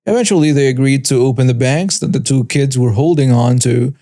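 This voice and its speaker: A man giving wry, even scripted narration of online stories. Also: medium pitch, a little fast, dry recording, studio quality.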